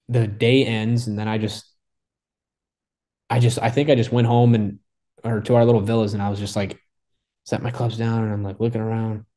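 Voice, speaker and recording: A man of middle pitch tells a golf story in a loose, casual interview. He talks excitedly and rambles, stacking up "like" and starting sentences over. His voice sits neither high nor low. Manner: excitable, rambling, full of "like" and restarts. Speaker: golfer recounting his hole in one.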